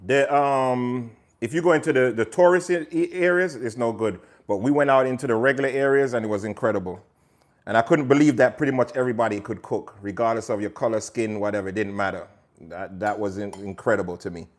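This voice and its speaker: A man's voice: mid-range voice, a little fast. A man hosting a live cooking stream, chatting to viewers while he cooks and slipping into patois now and then. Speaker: cooking show host. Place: home kitchen.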